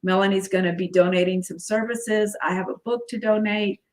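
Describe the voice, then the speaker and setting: A woman's voice: mid-range voice, steady tone, brisk. Woman hosting a live interview. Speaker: host. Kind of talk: livestream interview.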